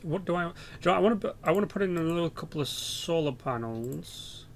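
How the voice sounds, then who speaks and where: A man's voice: fairly high pitch, animated, fairly quick, a little hiss or hum. A young British man rambling through casual, sweary game commentary as a channel host. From Britain.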